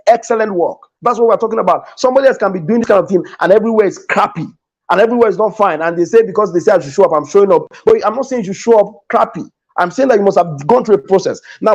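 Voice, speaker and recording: A man with a Nigerian English accent speaks in a fairly high voice for a man, coaching a studio audience about money and selling. His delivery is emphatic and preacher-like, and he hammers his main points home by repeating them. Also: a little mellow, lo-fi sound. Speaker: guest speaker, business coach. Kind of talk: motivational talk in a studio interview. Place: podcast studio.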